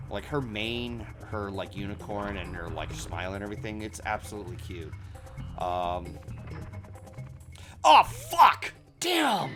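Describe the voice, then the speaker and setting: A man streaming a video game, chatting casually and rambling, swearing when things go wrong. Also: on the low side. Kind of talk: casual gameplay commentary. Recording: game music playing clearly under the voice. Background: game music.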